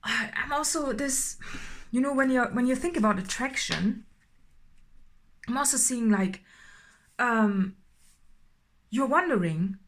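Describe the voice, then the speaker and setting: A woman doing an unscripted intuitive tarot reading, halting and filler-heavy, often checking in with "right?" and growing more emphatic as she goes. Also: fairly high pitch, slight background noise. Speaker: tarot reader.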